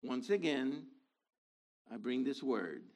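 A man in his sixties delivers a sermon with animation, slipping into quiet asides before swelling into loud exhortation. He speaks slowly.

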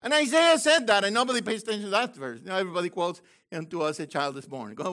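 An older man teaching from the Bible in an excited, exclamatory way, with bursts of shouting. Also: high-pitched, fast talker, hardly any pauses. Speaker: preacher.

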